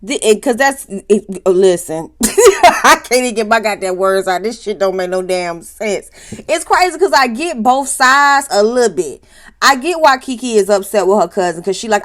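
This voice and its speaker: A woman hosting a casual reality TV recap, telling it in a lively, profane way and acting out the quotes. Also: medium pitch, moderate pace. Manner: animated, profane, laughing storyteller acting out quotes.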